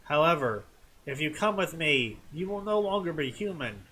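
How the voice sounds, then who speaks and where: A man reading the lines of an ancient male devil in a slow, flat, formal way, close to his own voice. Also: a little high, breathy edge, exaggerated voice. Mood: solemn.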